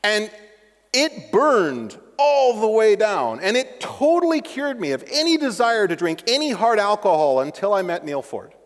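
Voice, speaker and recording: Animated man in an echoing hall. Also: sits high, a little slow. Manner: animated and joking, with asides to the audience. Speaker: conference speaker. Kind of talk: live-coding tech talk. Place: large conference hall. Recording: long reverb of a large hall.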